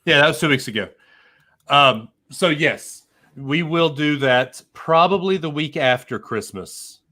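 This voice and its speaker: A man's voice: on the high side, lively intonation, measured pace, sharp tone. A man co-hosting a podcast in casual, jokey chat, often stumbling over his words. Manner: jokey, stammering restarts, sings silly bits. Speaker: podcast co-host.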